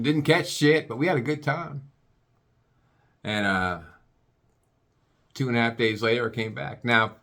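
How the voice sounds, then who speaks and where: A man ranting casually and crudely, with lots of stammering restarts. His pitch leaps up and down as he talks. His voice sits in an ordinary middle register. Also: bright, forceful tone. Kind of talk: rambling comic rant.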